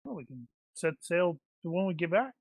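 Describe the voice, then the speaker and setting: A man playing in a tabletop game, trading quick jokes with the others. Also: high-pitched, very animated, slightly rough, no echo, rough recording. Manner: joking, quick banter. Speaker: player. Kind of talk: casual tabletop play.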